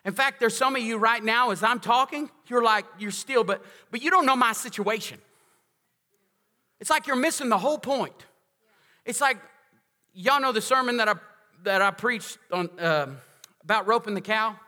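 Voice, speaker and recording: A man's voice: extremely high pitch, moderate pace, bright, forceful tone. A man preaching a sermon to his congregation, talking emphatically and conversationally and asking them questions. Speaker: pastor. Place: large church sanctuary. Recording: echoey church hall.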